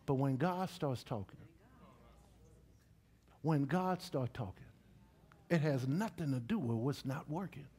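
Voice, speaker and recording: A middle-aged man preaching a sermon in a church, with lively call-and-response to the congregation. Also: medium pitch, measured pace, long pauses. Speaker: pastor. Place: church sanctuary.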